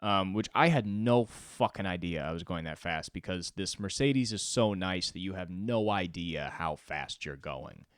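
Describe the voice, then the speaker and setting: A young man with a very low, smooth voice hosts his own comedy podcast alone. He rambles and swears, jumping from loud outbursts to low mumbles, and the recording is close and dry. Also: animated, measured pace, few pauses, dry recording. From Los Angeles. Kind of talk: solo podcast monologue.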